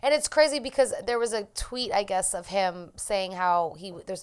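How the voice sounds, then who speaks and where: A woman hosting a casual podcast in a smooth, resonant voice. She is playful and quick to laugh, and she moves the talk on to each new topic. She is from the United States. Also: mid-range voice, animated. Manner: playful, laughs easily, steers to the next topic. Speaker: podcast host.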